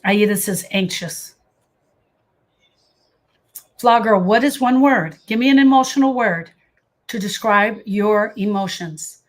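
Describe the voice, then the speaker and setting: A woman's voice: mid-range voice, slow, pauses often. A middle-aged woman coaching people through grief in a casual livestream. She answers viewer comments and speaks earnestly and emphatically, calling people by name. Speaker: grief coach hosting a live session.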